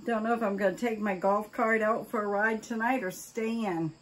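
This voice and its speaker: An older woman with a mid-range voice chats casually at a moderate pace as she opens fan mail, her intonation fairly even. She's a vlogger, gushing with oohs, gasps and delighted exclamations.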